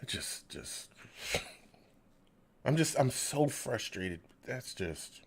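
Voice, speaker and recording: On a live fan reaction show, the male host sounds exasperated as he chats casually, sighing, muttering, saying things twice and falling to a near whisper. His medium-pitched voice swings widely in pitch, moves slowly and is gravelly with a breathy edge.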